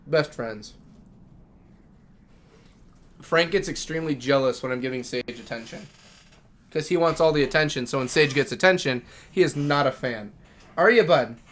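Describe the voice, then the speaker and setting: A man's voice: on the high side, normal speed, pauses often, fairly bright tone. A man streaming a game live, chatting casually and talking affectionately to his dogs. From Minnesota.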